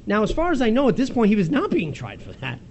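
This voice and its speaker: A man preaching a conversational expository sermon, retelling a scripture story with quick laughs and frequent restarts. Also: high voice, huge pitch swings, a little mellow, slight background noise.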